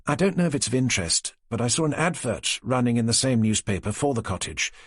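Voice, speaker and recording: A man reading an audiobook, voicing a brisk, helpful young woman officer with a husky tone, reporting in a businesslike way. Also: medium pitch, sing-song, no echo, clean studio sound.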